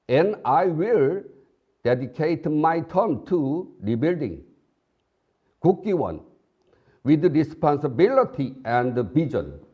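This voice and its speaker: A man giving a live English interpretation of a formal debate, in short deliberate phrases, on dull, muffled audio. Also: fairly high pitch, breathy edge.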